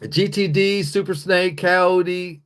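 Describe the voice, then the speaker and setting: A man's voice: high-pitched, steady tone, takes it slowly, fairly bright tone, clean tone. An American man hosting a livestream, ranting angrily and profanely while reading chat. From United States. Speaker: livestream host. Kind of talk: live-stream rant reading chat.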